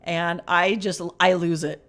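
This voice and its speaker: A woman's voice: fairly low pitch, fairly even intonation, unhurried, fairly bright tone. A middle-aged woman co-hosting a podcast, telling a story in casual chat and acting out her own panicked quotes. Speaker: podcast co-host.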